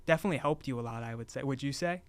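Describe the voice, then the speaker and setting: A young adult man hosting a casual podcast interview, relaxed and encouraging toward his guest. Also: mid-range voice, very fast, clean tone, no echo. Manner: relaxed, encouraging, with frequent murmured agreement. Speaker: podcast host.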